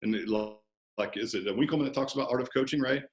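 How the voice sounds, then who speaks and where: A man guest talking about coaching in a relaxed, animated interview, often acting out conversations. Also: mid-range voice, quick pace, reverberant. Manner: animated storyteller, acts out coach-client banter. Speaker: fitness business owner, guest.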